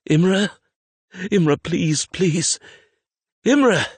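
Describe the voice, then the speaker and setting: A man voicing a frightened young man who shouts and pleads desperately. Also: fairly high pitch, animated, slow pace, slightly rough, no room sound, voice pushed up, heavily acted. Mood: panicked shouting.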